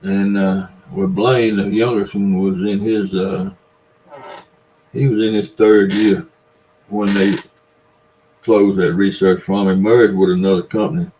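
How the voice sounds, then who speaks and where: A man's voice: low-pitched, level tone, measured pace, pauses often, warm tone, a little hiss or hum, rough recording. An older man with a Southern US accent, rambling through folksy stories in a casual livestream and chatting with his viewers. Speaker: livestream host. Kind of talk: casual livestream chat, reading viewer comments.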